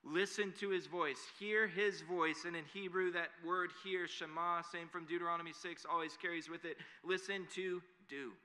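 Bright-voiced preacher in an echoing hall. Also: male voice, high-pitched, steady tone, moderate pace, few pauses. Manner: earnest, building to emphatic preaching. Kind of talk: sermon. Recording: long hall reverb.

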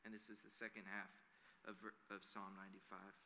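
A man's voice: low-pitched, little pitch movement, fairly quick, pushed and bright, slight background noise. A man preaching a sermon in an earnest way that builds to emphatic declarations. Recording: long hall reverb.

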